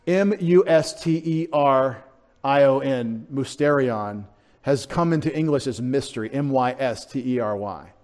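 A male pastor preaching a sermon, animated and conversational, swinging from loud emphasis to quiet asides, sounding out Greek words and dropping in joking remarks. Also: mid-range voice, a little slow.

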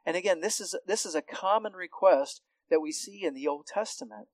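Here a Bible teacher, a man who is hard of hearing, moves briskly through expository scripture teaching with a slightly high pitch. His loose, conversational style features constant restarts and tag questions like "right?", captured in close, dry audio with no echo.

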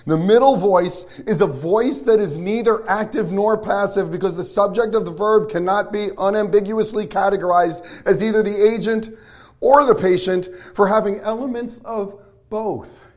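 A man preaching a sermon to his congregation, excitable and full of questions to the listeners. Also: sits high, normal speed. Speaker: pastor.

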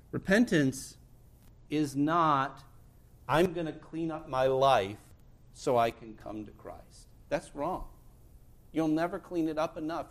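Pastor guy preaching, kinda high voice, gets loud then goes real quiet, church sermon. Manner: earnest preaching, swinging from loud pleading to hushed. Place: church sanctuary.

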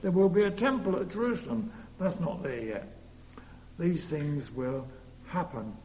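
A man's voice: a little high, expressive, unhurried, darkish tone. A man preaching a sermon earnestly, leaning hard on key words. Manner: earnest, rising to emphatic stresses. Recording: long reverb in a hall, faint hum.

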